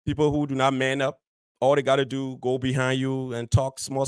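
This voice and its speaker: A man's voice: medium pitch, monotone, moderate pace, smooth, no room sound. A man hosting a community show, speaking straight to his audience with firm emphasis and repeating key phrases. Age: adult, married. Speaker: radio show host. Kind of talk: direct address on a community show.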